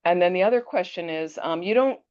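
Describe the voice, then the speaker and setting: Woman Buddhist teacher, deep voice, lively storyteller, muffled lo-fi audio. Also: fairly quick. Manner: animated storyteller, chatty with restarts. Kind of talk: teaching talk with personal anecdote. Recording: dull lo-fi audio.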